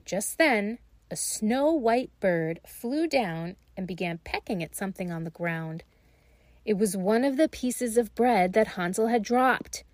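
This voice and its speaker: Slow, gentle woman reading a storybook. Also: mid-range voice, dry recording. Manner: slow, gentle, expressive read-aloud.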